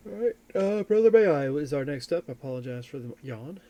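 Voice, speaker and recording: A man's voice: fairly high pitch, animated, a little fast, dark tone. Chatty man hosting as game master. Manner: chatty, rambling, self-correcting. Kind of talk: casual live-stream chat and announcements.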